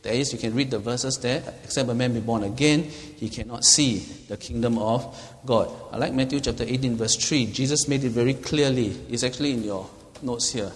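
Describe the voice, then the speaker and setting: A man preaching a sermon as a pastor, laughing often and loudly acting out the words he quotes. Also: mid-range voice, a little fast, few pauses. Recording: long hall reverb.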